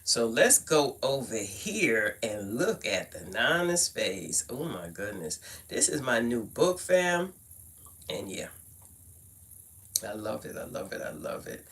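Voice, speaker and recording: A rumbling low, very animated voice with a fairly bright tone comes through slowly from an older woman from Brooklyn, New York. Speaking with a Brooklyn accent, she live-streams card readings at home and chats straight to viewers, using "y'all" and "fam."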